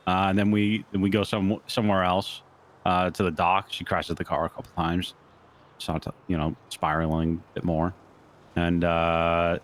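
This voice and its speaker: A man's voice: deep voice, fairly bright tone. A man in a roleplay game, recounting events in a rambling way full of fillers. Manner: rambling, lots of likes and uhs. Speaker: roleplay player.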